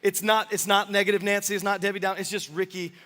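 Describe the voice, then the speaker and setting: Thirties guy preaching, high bright voice, lots of jokes with the crowd, big echoey church hall. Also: quick pace. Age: 30s. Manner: energetic, joking with the congregation. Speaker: pastor. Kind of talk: sermon. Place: church sanctuary. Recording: long church hall reverb.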